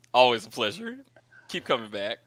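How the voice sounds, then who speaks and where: Lively bright-voiced joking man. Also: mid-range voice, normal speed, no room sound, low-quality recording. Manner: playful, teasing, laughs often. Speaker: co-host. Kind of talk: casual live-stream chat.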